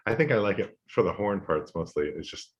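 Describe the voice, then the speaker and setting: A man's voice: sits low, expressive, fairly quick, lo-fi sound. A man co-hosting a podcast, chatting casually about music in an easygoing way and trailing off with fillers.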